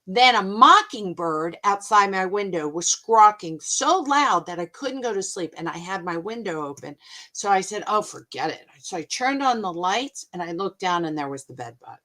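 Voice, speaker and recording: An American woman hosting a mindfulness show, telling travel stories in a lively, chatty way. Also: mid-range voice, moderate pace. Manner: animated, chatty, expressive. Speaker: host and mindfulness coach. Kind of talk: casual storytelling to camera.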